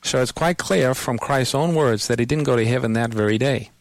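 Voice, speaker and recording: A man's voice: mid-range voice, fairly quick, no room sound. A man hosting a radio Bible call-in program, patiently explaining scripture to a caller and quoting verses.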